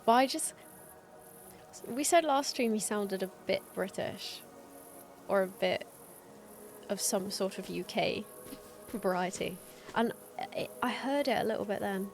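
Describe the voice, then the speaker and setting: A woman's voice: medium pitch, a little slow, pauses often. A woman streaming a video game, talking through the puzzles in casual commentary, thinking aloud and trailing off mid-sentence. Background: game music.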